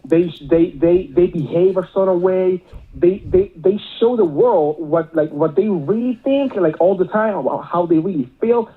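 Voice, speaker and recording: A man's voice: high-pitched, measured pace, slightly rough. A male caller, rambling with many filler words, heard over a phone line. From Miami area.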